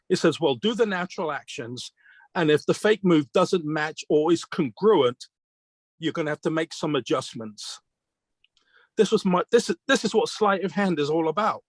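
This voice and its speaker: A man's voice: fairly high pitch, no room sound. A British magician being interviewed, telling stories in an earnest, reflective way and replaying his mentors' advice as quoted dialogue. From Britain. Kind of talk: conversational storytelling.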